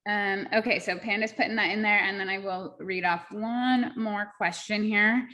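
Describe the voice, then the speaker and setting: A woman's voice: mid-range voice, fairly even intonation, normal speed, bright, forceful tone. A woman hosting an online sales forum over a video call, upbeat and encouraging as she reads questions and thanks her guest. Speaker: forum host. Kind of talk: casual online meeting talk.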